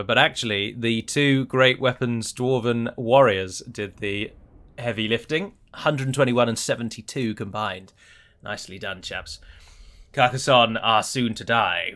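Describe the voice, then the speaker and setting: A man's voice: medium pitch, sharp tone. An Englishman giving chatty, wry let's-play commentary on a strategy game, talking straight to his viewers. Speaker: gameplay commentator.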